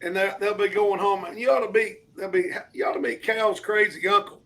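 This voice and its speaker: A man's voice: high voice, fairly even intonation, fairly quick, bright, forceful tone. A middle-aged man co-hosting a radio show in casual chat, eager and agreeable. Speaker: radio co-host.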